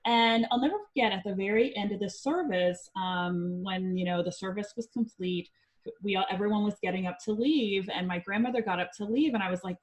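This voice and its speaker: A woman from Indiana, a psychic medium guest on a podcast, telling a personal story in a chatty, lively way with frequent ums. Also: medium pitch, fast talker, rough recording.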